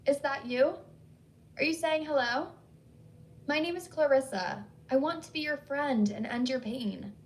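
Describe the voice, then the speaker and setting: A woman voicing an earnest female medium who gently pleads with a spirit. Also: high-pitched, measured pace, pitched above the performer's own voice. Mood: coaxing. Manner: gentle, pleading, grows indignant.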